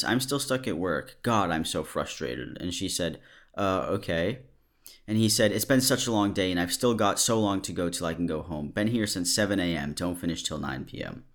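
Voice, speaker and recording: A man hosting a commentary video, reading out screenshots and reacting with animated mockery. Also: sits low. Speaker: host.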